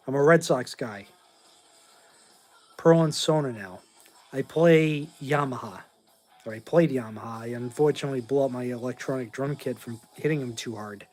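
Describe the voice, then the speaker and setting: A man's voice: mid-range voice, normal speed, darkish tone, faint music behind. Tired, blunt man in his forties. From Massachusetts, USA. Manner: blunt, rambling, reads out chat comments. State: tired, short on sleep. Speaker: livestream host answering chat. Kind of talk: casual livestream chat.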